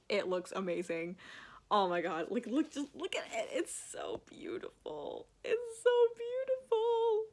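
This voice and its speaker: A woman chatting casually to camera as a book vlogger, gushing and excitable, full of fillers, restarts and casual swearing. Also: lowish voice.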